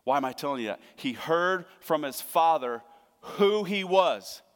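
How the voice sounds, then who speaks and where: A middle-aged man preaching a sermon as pastor, earnest, moving between hushed tender lines and emphatic raised passages. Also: fairly high pitch, animated, a little slow. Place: church sanctuary. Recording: long hall reverb.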